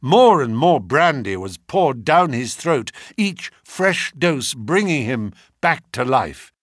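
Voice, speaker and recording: A man's voice: medium pitch, very animated, takes it slowly, husky, dry recording, clean studio sound. A man reading a detective story aloud as narrator, voicing the characters himself. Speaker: audiobook narrator. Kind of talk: scripted narration with character voices.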